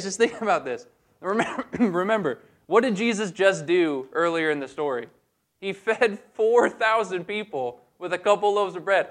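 A man preaching a sermon in a casual, humorous way, acting out quick bits of dialogue. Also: sits high, fairly bright tone. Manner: conversational and humorous, acts out voices of the disciples.

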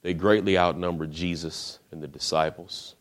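Low-voiced male preacher, casual storyteller who asks his listeners questions. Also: steady tone, moderate pace. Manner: storytelling, rhetorical questions, casual modern phrasing. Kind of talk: sermon.

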